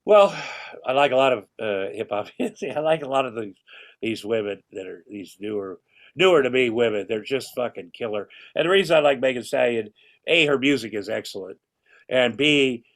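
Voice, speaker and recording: A man's voice: medium pitch, animated, brisk. A man in his sixties, a podcast guest, chatting casually and rambling with restarts and casual swearing. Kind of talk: casual chat.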